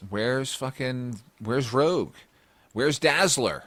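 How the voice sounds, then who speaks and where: A man's voice: medium pitch, slow pace, fairly bright tone, no echo. A man hosting a casual chat, blunt and opinionated, who swears freely. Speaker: podcast host.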